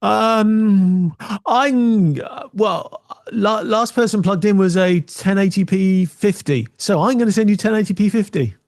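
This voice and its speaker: A man's voice: sits high, unhurried, few pauses, darkish tone, dry recording, clean studio sound, voice pushed up. A man voicing a chirpy male computer that eagerly chats with a screen while explaining tech.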